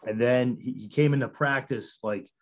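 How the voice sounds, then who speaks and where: A man's voice: medium pitch, normal speed. A man from Connecticut, a basketball coach and podcast guest, telling stories in a rambling, self-interrupting way with frequent chuckles. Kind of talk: casual storytelling interview.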